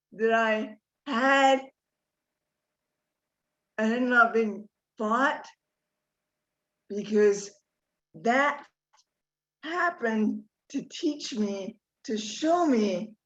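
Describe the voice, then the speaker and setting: A woman sharing her spiritual reflections in a study group, halting and thoughtful, over a video call. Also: on the high side. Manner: halting, thoughtful, pauses often. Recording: dull lo-fi call audio.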